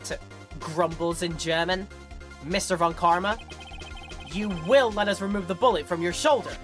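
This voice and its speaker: A woman's voice: fairly low pitch, moderate pace, music in the background, natural voice. A woman voicing a determined young male defense lawyer who presses his case confidently.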